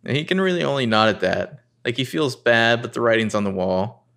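A man co-hosting a casual podcast, retelling a TV scene and acting out lines with lively rises. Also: mid-range voice, a little fast, creaky. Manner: narrates scenes and reads dialogue with animated rises. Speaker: podcast co-host recapping a TV episode. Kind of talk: casual chat.

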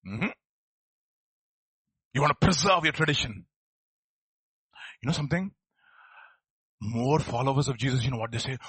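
A man's voice: mid-range voice, sing-song, normal speed, pauses often, a bit bright, breathy edge, no room sound. A man preaching a sermon, asking his listeners rhetorical questions. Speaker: pastor.

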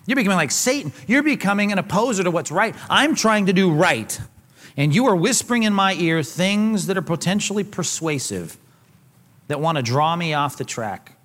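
A man's voice: high-pitched, animated, moderate pace, a bit bright. A man voicing a weary king who firmly rebukes his own men. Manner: firm, exasperated. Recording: long hall reverb.

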